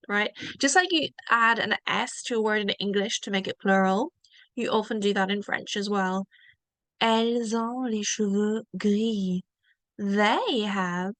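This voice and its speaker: A woman teaching a beginner French lesson, modelling each word slowly and asking learners to repeat it. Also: mid-range voice, fairly bright tone, dry recording. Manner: slow, drawn-out modelling of each word for repetition.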